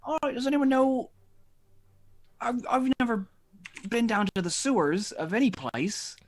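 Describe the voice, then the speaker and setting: A player in a tabletop game who chats in an animated, rambling way. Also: mid-range voice, unhurried. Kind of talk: casual tabletop game chat.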